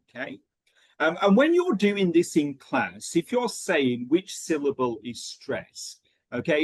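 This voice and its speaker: A man running an online teacher training session, talking in a steady rhythm with frequent ums and okays. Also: fairly high pitch, no echo, low-quality recording.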